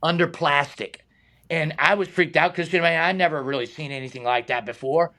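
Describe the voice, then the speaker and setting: A middle-aged man, a stunt man telling animated anecdotes in a casual interview, acting out the voices of the people in them and laughing often. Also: on the high side, brisk. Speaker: stunt man and high diver, guest.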